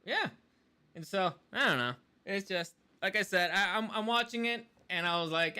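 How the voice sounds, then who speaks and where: A man co-hosting a podcast who rants in casual chat and swears freely. His voice sits high, with a bright, forceful edge. He sounds fired up as he picks things apart. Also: a little fast, clean tone. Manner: animated ranting, swears a lot. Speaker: podcast co-host.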